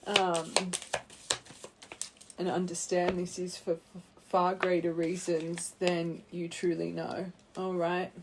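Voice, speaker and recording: A woman giving a tarot card reading to her viewers, speaking gently and heartfelt and calling her listeners her angels. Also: fairly low pitch, flat delivery, slow pace, background noise. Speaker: tarot reader.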